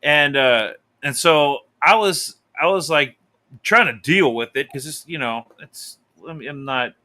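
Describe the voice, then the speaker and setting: A man's voice: on the high side, lively intonation, a little slow, bright, forceful tone. A man co-hosting a live stream, reacting to a trailer in casual chat, swearing freely and telling stories with animation. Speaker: co-host.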